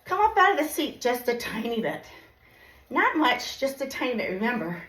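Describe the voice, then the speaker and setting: A woman's voice: a little high, sing-song, moderate pace, a bit bright. A woman fitness instructor coaching a workout while riding a stationary bike, a little out of breath, giving encouraging step-by-step cues. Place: home exercise bike. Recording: echoey room.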